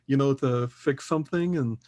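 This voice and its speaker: A man's voice: medium pitch, moderate pace, a little mellow. A man co-hosting a casual gaming podcast, rambling with many fillers and chuckles. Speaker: podcast co-host. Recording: dull, dry podcast audio.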